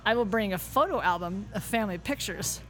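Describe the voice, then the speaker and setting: A woman's voice: mid-range voice, lively intonation, a little fast, fairly bright tone, soft background music. A woman chatting casually, telling stories animatedly with exclamations and lots of laughter. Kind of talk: casual chat.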